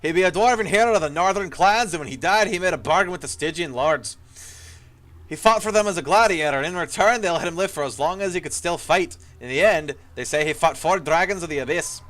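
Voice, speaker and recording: A man voicing a wounded ghost dwarf warrior, speaking in a gruff, dry voice and an old-fashioned dwarven dialect. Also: a little high, fairly quick, voice pushed up, lightly acted. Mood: storytelling. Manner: archaic dwarven dialect, loud and emphatic.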